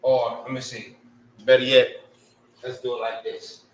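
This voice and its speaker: A man's voice: medium pitch, level tone, measured pace, echoey room, distant mic, a little hiss or hum, rough recording. A man teaching a casual language lesson, spelling out sounds and often checking in with "right?".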